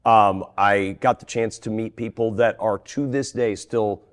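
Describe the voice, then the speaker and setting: A middle-aged man, a guest sportscaster, telling anecdotes in an interview with animated laughs and frequent restarts. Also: on the low side, measured pace. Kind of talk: interview storytelling.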